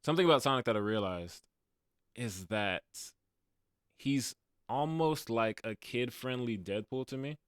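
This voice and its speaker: Late-twenties movie-podcast co-host, talking in the studio with lively, casual energy, frequent laughter, and acted-out quotes. He has a medium-pitched, expressive, unhurried voice that's clear and resonant, with clean studio sound and no echo.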